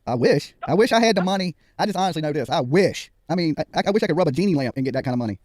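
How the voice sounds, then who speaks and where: Male streamer host, quick joking delivery, cussing, close dry mic. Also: fairly high pitch, animated, a little mellow, dry recording. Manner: joking, laughs often, swears freely. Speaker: livestream host. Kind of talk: casual livestream chat.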